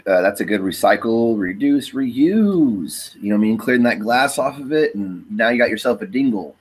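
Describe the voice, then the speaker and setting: Male co-talker, husky voice, easygoing and jokey. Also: fairly low pitch, animated, moderate pace. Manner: laid-back, joking banter. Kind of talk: casual chat.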